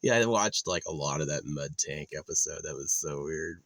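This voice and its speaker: A man's voice: very deep voice, normal speed, gravelly, a bit bright, dry recording. A man vlogging outdoors in a rambling, profane, casual monologue that trails off into mutters. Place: outdoors in nature.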